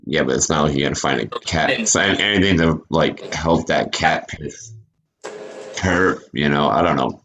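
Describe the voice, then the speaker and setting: A man's voice: extremely low pitch, moderate pace, fairly bright tone, slight background noise. A man co-hosting a casual online chat show over voice chat, blunt, teasing and profane. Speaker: podcast co-host. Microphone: remote voice chat. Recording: dull lo-fi mic.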